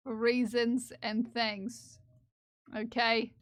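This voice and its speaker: A woman's voice: fairly high pitch, flat delivery, very slow, no room sound. A woman live streamer chatting casually and playfully with her viewers, often giggling and teasing. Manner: playful, giggly, talks to chat. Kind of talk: casual livestream chat.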